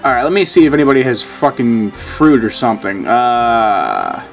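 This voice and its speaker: A man of ordinary pitch mutters his way through a video game, reading out screen text and swearing freely. Faint game music plays underneath his loose, offhand commentary. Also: big pitch swings, moderate pace, vocal fry. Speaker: gaming channel host. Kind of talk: casual gameplay commentary.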